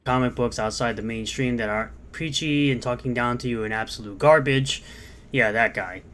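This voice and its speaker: A man's voice: medium pitch, normal speed, a bit bright, slight background noise. A man in a played video clip, commenting sarcastically and indignantly on what he reads.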